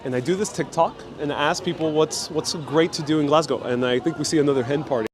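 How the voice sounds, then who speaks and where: A man's voice: on the high side, fast talker, crowd noise. A man with an American accent, hosting a live walking vlog outdoors and chatting while he reads out viewer comments. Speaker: travel vlogger. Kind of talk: live-stream walking vlog, reading chat. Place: outdoors on a city street. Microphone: handheld phone. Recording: noisy street.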